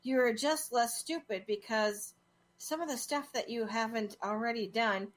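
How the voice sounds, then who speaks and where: A woman's voice: on the high side, measured pace. Giggly woman hosting a podcast. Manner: giggly, laughs often. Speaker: podcast host. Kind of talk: casual podcast chat. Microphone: video call.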